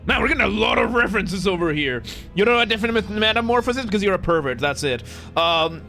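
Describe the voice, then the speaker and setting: A man's voice: sits high, lively intonation, fast, creaky, pushed and bright, soft background music. A man streaming a game, chatting casually and joking with chat in a rambling, self-correcting way. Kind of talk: casual live-stream commentary.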